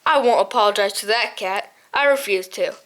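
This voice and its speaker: A woman's voice: mid-range voice, normal speed, fairly bright tone, voice pushed down, natural voice. A woman voicing a pompous, boastful male snowy owl captain in a storybook reading, huffy and haughty. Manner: huffy, haughty, laughs at others.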